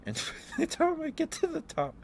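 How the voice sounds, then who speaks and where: A man in a soft-spoken ASMR ramble, telling meandering stories with fillers and chuckles. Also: very high-pitched, wildly swooping pitch, normal speed, gravelly, a little hiss or hum. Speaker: ASMR streamer.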